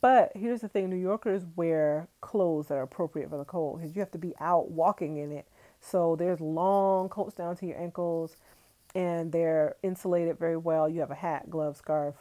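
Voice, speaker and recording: A woman's voice: on the low side, moderate pace, mellow. A young woman from Brooklyn, chatting casually on a livestream, reading viewer comments and laughing often. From Brooklyn, New York. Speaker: vlogger on a livestream.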